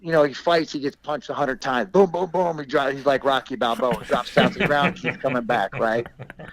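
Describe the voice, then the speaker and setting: A man's voice: mid-range voice, moderate pace, poor audio. A middle-aged man, a wrestling coach and guest, reminiscing with enthusiasm and acting out quotes. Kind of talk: casual storytelling chat.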